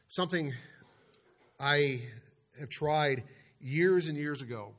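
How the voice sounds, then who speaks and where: A man's voice: fairly high pitch, fairly bright tone. A man preaching a sermon to his church, over a microphone, stressing single words hard and then dropping his voice, with frequent restarts. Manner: preaching with emphatic stresses and pauses, many restarts. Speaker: pastor. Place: church sanctuary. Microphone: microphone over a speaker system.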